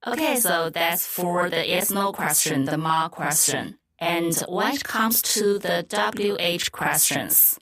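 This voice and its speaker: A woman's voice: on the low side, lively intonation, a bit bright. A woman co-hosting a Mandarin lesson, explaining grammar and saying each example phrase twice. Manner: slow, clear, repeats example phrases. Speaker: Mandarin teacher, co-host. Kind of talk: scripted language lesson.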